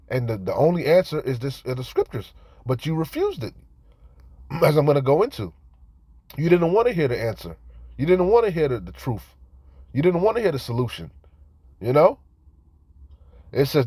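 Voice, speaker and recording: Preacher, male, mid-pitched, dry close-mic sound, slow scripture reading building to loud warnings. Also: sing-song, breathy edge, no room sound. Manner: reads scripture slowly, rising to loud emphatic warnings. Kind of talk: street-style scripture sermon.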